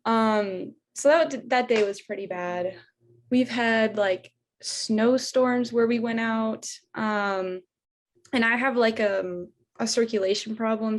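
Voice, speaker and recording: Chatty young woman, lots of "like". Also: mid-range voice. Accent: Michigan. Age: young adult. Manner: chatty, heavy use of "like" and "um". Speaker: interviewee, former door-to-door sales trainer. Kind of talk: casual interview recounting.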